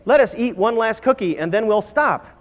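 A man's voice: sits high, lively intonation, moderate pace, voice pushed up. A man voicing an eager, cookie-loving male toad while reading a children's storybook aloud in a sermon. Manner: plain read-aloud storybook voice.

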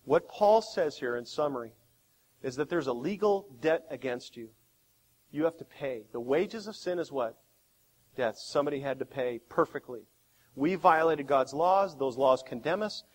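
A man preaching a sermon as pastor, with dramatic swings between quiet and loud. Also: a little high, animated, moderate pace. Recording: long hall reverb.

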